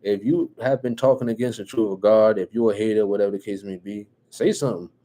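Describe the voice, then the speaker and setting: A man from New Jersey with a New Jersey accent, hosting a casual live stream, reading viewer comments and chatting in a relaxed way with lots of repeated phrases. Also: fairly low pitch, fast talker. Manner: relaxed, repeats phrases, frequent "you know what I'm saying", chuckles often.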